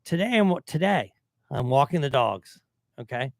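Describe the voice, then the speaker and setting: A man's voice: medium pitch, lively intonation, moderate pace, gravelly, no room sound. A man co-hosting a podcast in a studio, telling a story casually and laughing often. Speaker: podcast co-host. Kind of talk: casual chat.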